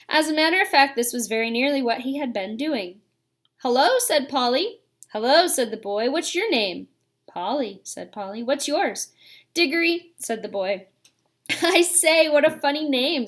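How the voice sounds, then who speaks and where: Female storybook narrator, expressive, fairly high voice, casual asides. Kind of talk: reading a children's novel aloud.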